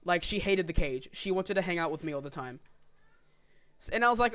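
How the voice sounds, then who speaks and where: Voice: medium pitch, expressive, a little fast, fairly bright tone. Young aussie telling a long rambly story on a podcast, swears a lot, laughs through it, mid-range voice. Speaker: podcast co-host. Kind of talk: casual storytelling chat.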